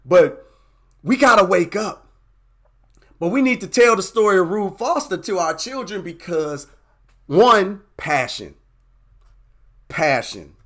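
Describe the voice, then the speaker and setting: Fired-up male host, high voice that swings widely, preacher-like cadence. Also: gravelly, a bit bright. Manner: fired-up, preaching, repetitive emphasis. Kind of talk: impassioned motivational talk.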